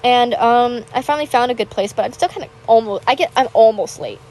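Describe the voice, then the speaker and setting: A woman's voice: on the high side, quick pace, darkish tone, rough recording. A teenage girl chatting casually and bubbly about her school week while playing a game, retelling moments dramatically. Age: teens. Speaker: gaming vlogger. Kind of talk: casual chat over gameplay.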